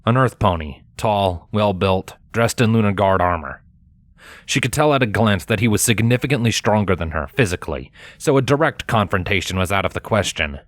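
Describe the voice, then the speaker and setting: A man narrating a fanfiction chapter as an audiobook, in a steady, measured storytelling manner. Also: lowish voice, no echo, studio quality. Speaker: audiobook reader.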